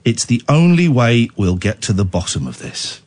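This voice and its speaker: A man's voice: mid-range voice, big pitch swings, moderate pace, a little mellow. Playful man hosting late-night radio. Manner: playful, teasing, breaks into mock accents. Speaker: radio host.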